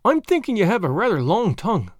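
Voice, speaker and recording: A man voicing a young, soft-hearted Scottish tavern maid in an audiobook, speaking in an earnest, rustic Scots manner. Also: sits high, sing-song, fast talker, no room sound, clean studio sound. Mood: sympathetic. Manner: earnest, pleading rustic speech. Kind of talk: audiobook character voice.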